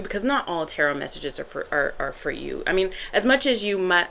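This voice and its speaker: Chatty, rambling woman tarot reader. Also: on the low side. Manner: chatty, rambling, animated with laughs. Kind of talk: casual tarot reading to viewers.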